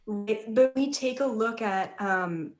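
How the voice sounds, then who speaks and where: A woman's voice: a little high, slow pace, a little mellow. Chatty woman in a roomy echo. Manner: chatty, with frequent tag questions. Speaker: intuitive channeller guest. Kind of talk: conversational storytelling.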